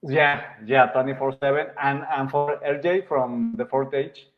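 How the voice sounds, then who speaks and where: A man's voice: medium pitch, fairly even intonation, measured pace, soft background music. A man, a comic book artist, answering questions about his projects, hesitating and repeating words as he searches for them. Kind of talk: casual interview answer. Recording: dull lo-fi sound.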